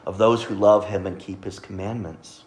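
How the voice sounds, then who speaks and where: A man's voice: on the low side, fairly even intonation, moderate pace. Earnest man preaching a conversational sermon. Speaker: pastor.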